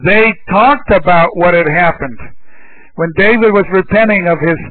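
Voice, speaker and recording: A man preaching a sermon, telling stories with feeling and breaking into loud praise. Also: high-pitched, normal speed, slight background noise. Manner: emotional, rises to loud exclamations of praise. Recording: tinny phone-like lo-fi recording.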